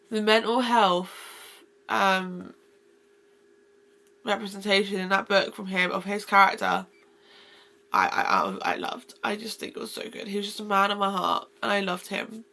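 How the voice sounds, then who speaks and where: Casual woman book vlogger: effusive, rambling, fry-heavy delivery. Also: mid-range voice, bright, forceful tone. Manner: gushing and effusive, rambling with restarts. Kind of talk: casual book-review vlog.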